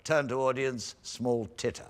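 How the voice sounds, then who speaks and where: An actor playing a camp, pompous veteran stage actor rehearsing as a pantomime dame, theatrical and full of himself. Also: male voice, medium pitch, fairly even intonation, normal speed, close to an everyday voice. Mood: hammy. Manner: theatrical, pompous, speaks stage directions aloud. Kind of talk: TV comedy drama acting.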